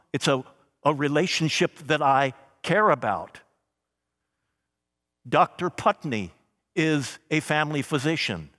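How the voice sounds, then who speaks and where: A man preaching a sermon, slow and emphatic, with dramatic pauses and scripture read aloud. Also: mid-range voice, a bit bright, big-room sound. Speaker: pastor.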